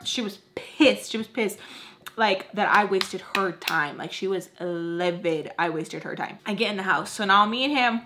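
A young woman chatting through a storytime while doing her makeup, animated and acting out the other people's lines. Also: mid-range voice, measured pace, very noisy. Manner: chatty, animated, acts out quoted voices. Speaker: beauty vlogger.

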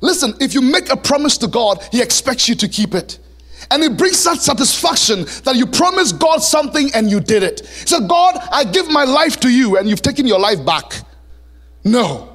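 A male pastor preaching a sermon in a church, animated and lively, now and then singing a line. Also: extremely high pitch, moderate pace. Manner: animated preaching, sings song lyrics and plays voices.

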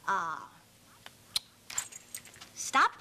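A woman's voice: high-pitched, expressive, quick pace, bright, forceful tone, slight background noise. A woman playing an eager, earnest rookie policewoman in a 1970s TV comedy sketch, speaking in stiff, formal sentences and giggling.

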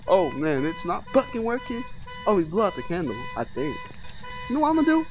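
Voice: medium pitch, very animated, brisk, music in the background. A young adult gamer giving let's-play commentary, taunting and cursing at an unseen ghost and getting easily startled. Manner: taunting, profane, trash-talking the ghost. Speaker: gamer playing a VR horror game.

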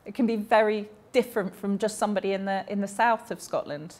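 A woman's voice: mid-range voice, brisk, hardly any pauses, a little mellow. Chatty woman telling anecdotes. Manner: chatty, anecdotal storytelling with small self-corrections.

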